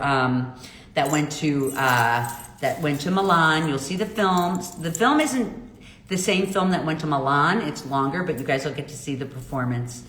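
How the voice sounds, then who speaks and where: In an echoey room with faint background noise, a middle-aged jeweler hosts a casual livestream, reading viewer comments and reacting in a bubbly, chatty way. She has a deep voice with a bit of brightness.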